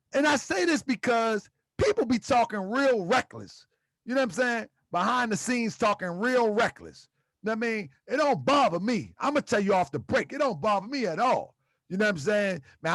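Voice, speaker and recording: A man with a strikingly high voice lectures his online audience and fires off repeated rhetorical questions. His pitch leaps around with lively energy. The sound is close and dry. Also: dry recording. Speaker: host. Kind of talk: livestream commentary to chat.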